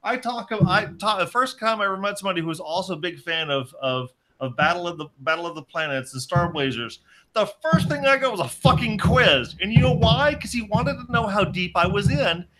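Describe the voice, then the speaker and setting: Brash podcast co-host, man, high and bright, loud and crude. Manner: loud, profane, laughing storyteller. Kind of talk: casual crude podcast banter.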